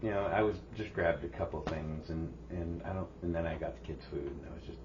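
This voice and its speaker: A man's voice: deep voice, a little fast, dull audio, noisy background. A man co-hosting a podcast, telling a rambling home story with frequent restarts and laughter. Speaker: podcast co-host. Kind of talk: casual storytelling chat.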